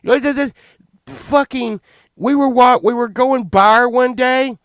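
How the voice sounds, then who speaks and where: A man in his fifties telling a rambling, profane childhood story, excitable and often laughing. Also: very high voice, unhurried, no echo, clean studio sound. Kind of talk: casual anecdote telling.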